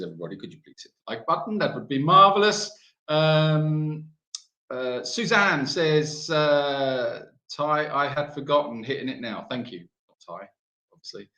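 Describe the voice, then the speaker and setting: A man's voice: a little high, very animated, normal speed, sharp tone, roomy sound. A man hosting a live stream Q&A, reading out viewer comments in a chatty, teasing way with lots of ums. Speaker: animal sanctuary host.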